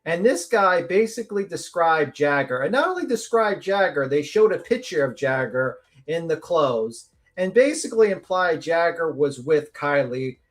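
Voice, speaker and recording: Blunt, sarcastic man on a panel. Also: fairly high pitch. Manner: blunt and sarcastic, swears freely. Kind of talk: casual livestream commentary.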